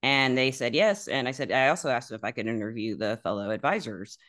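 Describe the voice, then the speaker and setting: A woman's voice: extremely low pitch, a little fast, fairly bright tone. Chatty Southern woman podcaster. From Alabama. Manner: chatty, rambling, laughs often. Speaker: podcast host, tarot reader. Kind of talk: casual interview chat.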